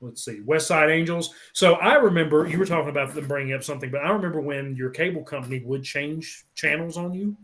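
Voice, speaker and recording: A man co-hosting a casual podcast, rambling through an album track by track with many pauses and fillers. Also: a little high, a bit bright. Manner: rambling, many ums, lists songs one by one. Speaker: podcast co-host. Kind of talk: casual album review chat.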